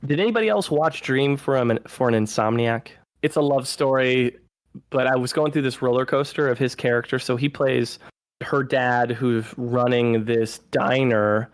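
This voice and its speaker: Man, film podcast co-host, mid-pitched, dry close sound, animated, casual plot recaps. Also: normal speed, dry recording, poor audio. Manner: animated, recaps plots with acted-out quotes.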